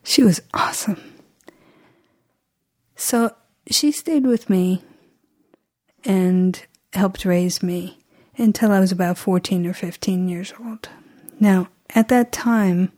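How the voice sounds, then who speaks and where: A middle-aged woman telling a personal story in a reflective, halting way, often restarting her sentences. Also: medium pitch, darkish tone.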